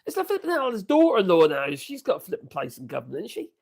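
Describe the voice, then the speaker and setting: A man's voice: high-pitched, huge pitch swings, fast, creaky, darkish tone. An older man, hosting a casual political commentary livestream and rambling chattily with asides. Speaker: livestream host.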